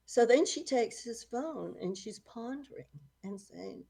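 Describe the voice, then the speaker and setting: A woman's voice: fairly high pitch, unhurried, creaky, husky. A middle-aged woman, a book author, telling anecdotes in a casual interview and laughing often. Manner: lively storyteller, laughs often. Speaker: author, guest.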